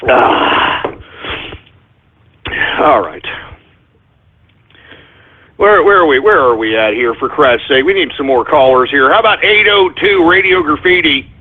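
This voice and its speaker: Raspy, high-voiced ranting radio host man. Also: animated, measured pace, pauses often. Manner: profane, irritated, blustering. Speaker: call-in radio show host. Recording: phone-like narrow audio.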